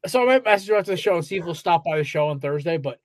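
A man's voice: on the high side, expressive, very fast, no echo. A man co-hosting a casual sports podcast, ranting in a fired-up way with heavy swearing. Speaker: podcast co-host.

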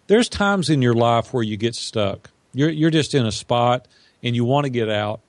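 A middle-aged man appears as a podcast guest, earnestly telling a personal story in an interview and animatedly acting out what others said. His mid-range voice moves at normal speed with no room sound.

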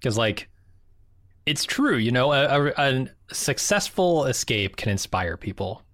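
A man's voice: mid-range voice, sing-song, unhurried, fairly bright tone, no echo, studio quality. A man co-hosting a podcast, talking in a casual, wry, chatty way. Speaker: podcast co-host. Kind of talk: casual chat.

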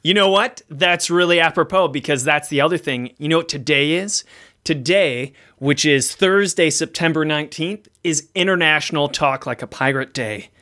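A man hosting a podcast, chatting casually in a playful, teasing, animated way. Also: fairly high pitch, moderate pace. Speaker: podcast host.

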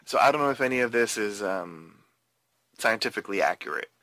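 A man hosts a loose movie-discussion podcast and talks through the plot with plenty of hesitations. His voice is bright and forceful. The sound is dry and close, with no room echo. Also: fairly low pitch, animated, a little fast. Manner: laughs often, recaps plot with loose hesitations. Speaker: podcast host. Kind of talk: casual movie-discussion chat.

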